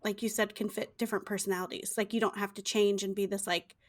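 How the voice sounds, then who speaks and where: A woman's voice: mid-range voice, level tone, quick pace. A woman hosting a podcast, asking questions in an easygoing way with lots of fillers and hesitations. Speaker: podcast host. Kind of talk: casual interview chat.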